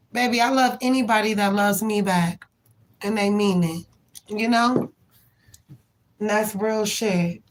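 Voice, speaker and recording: A woman's voice: medium pitch, unhurried, long pauses, poor audio. A woman hosting a live tarot reading stream, chatting casually and affectionately with viewers in slang. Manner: rhythmic chanted prayer.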